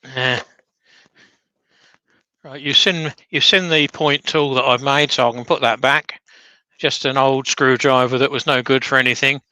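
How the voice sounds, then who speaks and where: A man's voice: mid-range voice, fairly even intonation, measured pace, long pauses, sharp tone, no room sound, rough recording. A man demonstrating woodturning on a livestream, chatting casually with dry, practical jokes.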